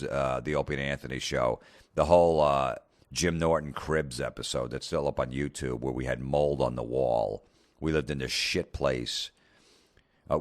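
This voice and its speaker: A middle-aged comedian from New Jersey, ranting sarcastically and swearing constantly as a podcast host. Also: male voice, extremely low pitch, dry recording. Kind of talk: profane comedic rant.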